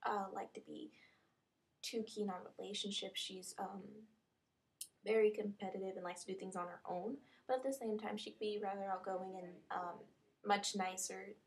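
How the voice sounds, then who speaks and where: A woman's voice: medium pitch, fairly even intonation, normal speed. A young woman casually describing characters for a fan series audition call, chatty and full of ums. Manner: chatty, many ums, describes characters one after another.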